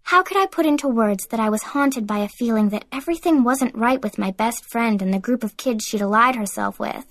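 A woman narrates a first-person audiobook in an expressive, lively reading voice. Her voice sits a little high, and the recording is dry and close with no room sound. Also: a little fast, no echo.

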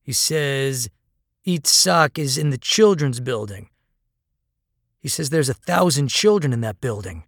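A man voicing a tall army corporal who calmly and carefully explains what he hears. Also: medium pitch, a little slow, no room sound, clean studio sound. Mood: earnest.

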